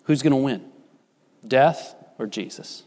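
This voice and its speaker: A man preaching a sermon as a pastor, swinging from loud, rising emphasis to hushed, low asides. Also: unhurried. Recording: reverberant hall.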